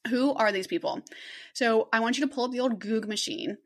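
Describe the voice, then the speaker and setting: A woman's voice: a little high, fairly quick. Young woman podcast host, giggly and chatty, reads her true crime script. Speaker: podcast co-host presenting the case. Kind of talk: casual true crime chat.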